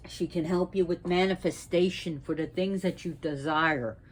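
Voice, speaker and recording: Low-pitched woman, priestess giving a talk, unwell and short of breath, slow and halting, faint noise in the background. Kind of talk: spoken talk on mythology.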